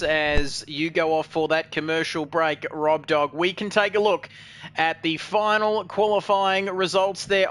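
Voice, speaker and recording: A high, bright-toned man calls an online sim race in a joking, rambling manner. He pokes fun at himself and the drivers between position updates. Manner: jokey, rambling, self-mocking. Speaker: lead commentator. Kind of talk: sim racing commentary.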